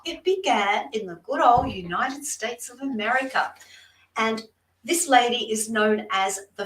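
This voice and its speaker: An Australian woman with a fairly high, fairly bright voice appears as a guest psychic, doing card readings on a livestream and chatting effusively straight to viewers. A little hiss or hum accompanies the roomy sound and distant mic.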